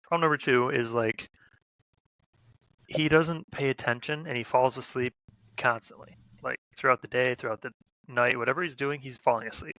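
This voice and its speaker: Brief: bright-voiced male vet co-host, animated and profane storyteller, dry and slightly lo-fi. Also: medium pitch, no room sound. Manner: rambling, profane, animated retelling with loud quoted shouts. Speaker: podcast co-host, army veteran. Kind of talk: casual storytelling chat.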